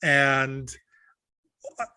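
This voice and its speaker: A man's voice: mid-range voice, completely flat delivery, extremely slow, sharp tone, smooth, dry recording. A man co-hosting a casual podcast, rambling a little and restarting his sentences. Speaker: podcast co-host.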